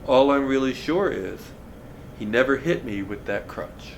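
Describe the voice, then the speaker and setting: A man reading a novel aloud in a relaxed, conversational storytelling manner. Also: mid-range voice, a little slow, creaky, a little hiss or hum. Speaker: reader of a novel.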